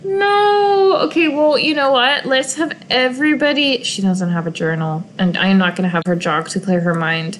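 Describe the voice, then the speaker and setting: A woman's voice: on the low side, brisk, hardly any pauses, fairly bright tone, slight background noise, low-quality recording. A young woman giving casual, emotional commentary while playing a life-simulation game, often sighing over sad moments. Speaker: gaming video creator. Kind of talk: casual let's-play commentary.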